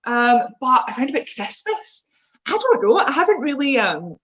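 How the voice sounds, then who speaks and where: A woman's voice: high voice, big pitch swings, moderate pace, fairly bright tone, lo-fi sound. A woman guest on a podcast who chats enthusiastically and giggles often. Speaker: guest, presenter and performer. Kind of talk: casual chat.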